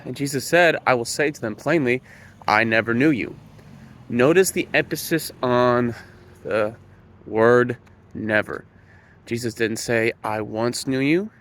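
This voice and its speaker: A man giving an earnest preaching monologue to camera, slow and emphatic, leaning on key words. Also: medium pitch, fairly bright tone. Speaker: Christian speaker.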